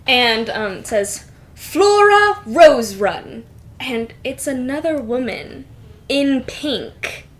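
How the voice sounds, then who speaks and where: A young woman narrating a tabletop game as game master in a relaxed, filler-heavy way. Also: sits high, slow pace.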